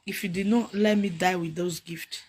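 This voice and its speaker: A woman's voice: on the low side, steady tone, normal speed, darkish tone, a little hiss or hum. A young Nigerian woman with a Nigerian accent, crying as she makes a repetitive, pleading appeal for help. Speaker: vlogger. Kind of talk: emotional plea to camera. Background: music.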